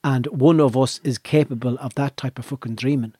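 A man's voice: mid-range voice, fairly even intonation, a little fast, warm tone, breathy edge, no echo, studio quality. An Irish man telling a long anecdote in casual chat, swearing freely as he goes. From Ireland.

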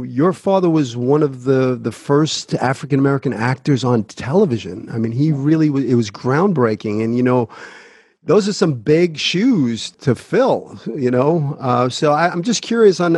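A man hosting an interview, asking questions in a relaxed, reflective way. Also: medium pitch, measured pace, dry recording, studio quality. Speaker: interviewer host.

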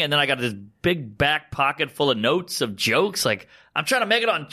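A man from the United States chats on a podcast with a bright, forceful, somewhat high voice. He tells stories with animation, jumps into quoted voices and swears a lot. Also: expressive, normal speed, hardly any pauses. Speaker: stand-up comedian, podcast guest. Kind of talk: casual podcast chat.

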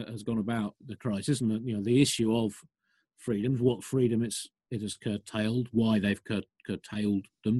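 A man's voice: fairly low pitch, steady tone, moderate pace, mellow, husky, no echo. A man doing a wry satirical monologue that builds, listing item after item. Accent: English. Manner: wry, building comic rant. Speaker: comedian guest.

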